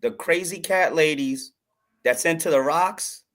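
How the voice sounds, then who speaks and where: Co-host: young guy, somewhat high bright voice, relaxed and jokey. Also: unhurried. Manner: laid-back, joking, laughs easily. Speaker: podcast co-host. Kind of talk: casual reality-TV recap banter.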